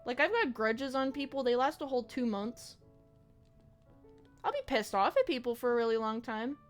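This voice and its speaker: Chatting casually as she streams a game, a young woman speaks at a normal speed in a fairly high, expressive voice. Soft music plays behind her as she rambles reflectively, using slang and swearing.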